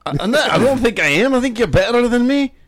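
A man co-hosting a podcast in casual chat, excitable and teasing, laughing often. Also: extremely high pitch, fast talker. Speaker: podcast co-host.

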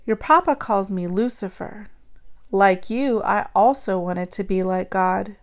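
A woman's voice: mid-range voice, a little slow, lightly acted. A woman voicing a sly male serpent who coaxes and persuades in a storybook tale. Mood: coaxing. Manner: persuasive, coaxing.

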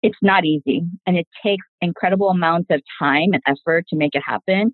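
Forties woman, husky and lowish, earnest podcast guest, tinny phone-like audio. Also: a little fast, dry recording. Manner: earnest, reflective, speaks in long connected sentences. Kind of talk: casual podcast conversation.

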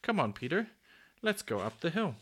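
A man's voice: fairly high pitch, sing-song, moderate pace, a bit bright, slightly rough, pitched above the performer's own voice, full character voice. A man voicing an earnest, curious young girl in a storybook reading.

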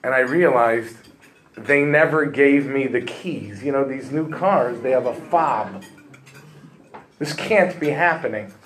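A middle-aged man, a rabbi, telling a funny story in an animated way as he opens a sermon. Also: medium pitch, takes it slowly, a little hiss or hum, rough recording. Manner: humorous, animated storytelling with rising emphasis. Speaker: rabbi giving a drasha.

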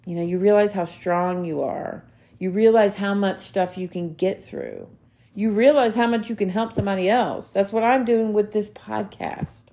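A woman's voice: mid-range voice, very animated, normal speed, mellow. Woman in her 30s doing a solo podcast, earnest and emphatic, says the same thing twice, swears a bit. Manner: earnest, emphatic, repeats key phrases, swears casually. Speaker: podcast host. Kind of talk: motivational solo podcast talk.

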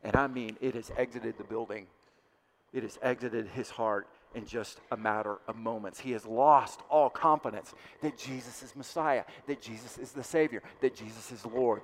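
A male pastor preaching a sermon with passion, swelling louder and then dropping to hushed asides. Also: mid-range voice, a little hiss or hum. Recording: long hall reverb.

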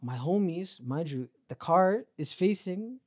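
Young toronto guy on a podcast, kinda high voice, dry close mic, acts out all the quotes. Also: measured pace, no echo. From Canada. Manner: animated storyteller, acts out quotes, laughs often. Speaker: podcast host. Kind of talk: casual storytelling.

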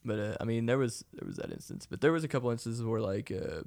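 A man's voice: mid-range voice, wildly swooping pitch, fast, vocal fry, a little mellow. A young man telling a rambling story in casual chat, swearing often and laughing along.

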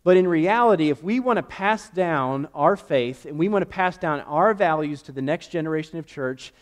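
A young man preaching a sermon in a relaxed, conversational way, telling personal stories and acting out the quotes. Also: fairly high pitch, moderate pace. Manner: conversational, animated storytelling with acted-out quotes. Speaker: pastor.

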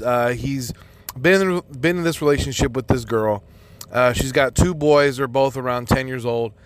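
A man hosting a podcast, talking casually and answering a listener's email in a profane, rambling way full of fillers. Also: medium pitch. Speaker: podcast host.

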